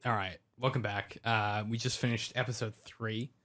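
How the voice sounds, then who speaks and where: A man co-hosting a casual podcast, enthusiastic and talking in quick bursts. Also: fairly low pitch, level tone, fairly bright tone. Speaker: podcast co-host. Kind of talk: casual chat.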